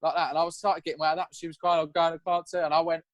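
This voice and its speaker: A young man telling his story in a casual podcast chat, animated and swearing now and then, acting out what he said back then. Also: on the high side, rapid-fire, a crowd in the background. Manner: animated, acts out his own past lines in a raised voice. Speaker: podcast guest.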